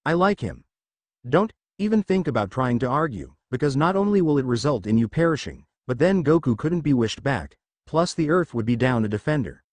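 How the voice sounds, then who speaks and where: A man's voice: medium pitch, big pitch swings, brisk, dry recording. A man voicing an offhand, all-powerful young male ninja in a story reading. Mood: cocky.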